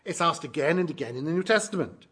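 Husky-voiced male preacher. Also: a little high, animated, quick pace, fairly bright tone. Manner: preaching with rising emphasis on quoted questions. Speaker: pastor. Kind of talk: sermon.

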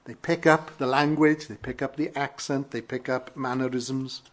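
A man from Wales with a Welsh accent, preaching an earnest sermon with emphatic rises and quiet falls. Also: mid-range voice, fairly even intonation, moderate pace. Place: church in London.

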